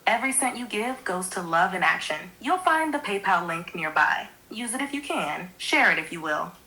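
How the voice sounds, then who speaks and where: A woman's smooth synthetic voice with a bright, clear tone. She delivers a scripted monologue in a sweet, theatrical, poetic manner, lingering on each phrase. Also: mid-range voice, very animated, normal speed, poor audio. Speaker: AI companion co-host.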